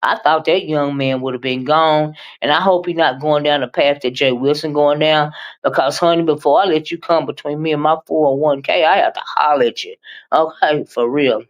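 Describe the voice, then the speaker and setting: A woman hosts a casual live-stream commentary, chatty and animated, calling her viewers "child" and "honey" and sometimes rushing her words. Her voice is low, and the highs are cut off.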